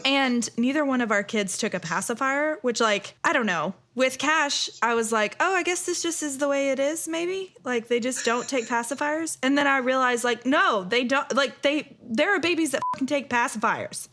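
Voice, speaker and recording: A woman in her thirties chatting as a podcast host, her voice sitting a little high. She tells stories in a lively, laughing way, full of fillers and asides. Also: normal speed, few pauses. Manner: animated storytelling with laughter and frequent fillers. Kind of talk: casual chat.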